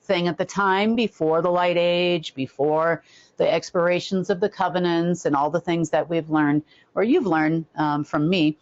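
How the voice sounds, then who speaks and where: Low-voiced woman telling a rambling story. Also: moderate pace. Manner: rambling, filler-heavy, slips into animated impressions. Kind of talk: casual storytelling. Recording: dull lo-fi recording.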